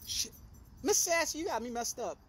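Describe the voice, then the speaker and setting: A young man vlogging in a rambling, profane, animated monologue. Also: slow, breathy edge. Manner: talks in a high sing-song to his dog.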